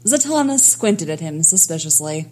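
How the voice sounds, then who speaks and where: A woman narrating a fan fiction story in a lively storytelling manner. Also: low-pitched, normal speed.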